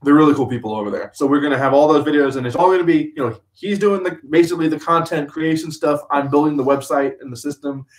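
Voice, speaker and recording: A man's voice: a little high, fast, few pauses, roomy sound, distant mic, low-quality recording. A young adult man co-hosting a casual live-stream chat, joking and full of fillers. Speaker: co-host, website builder.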